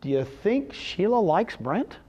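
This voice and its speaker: A man's voice: sits high, highs cut off, a little hiss or hum. A man giving a live seminar talk to real estate agents, telling success stories and firing questions at the audience. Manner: animated, storytelling with quick questions to the audience. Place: meeting room with a live audience.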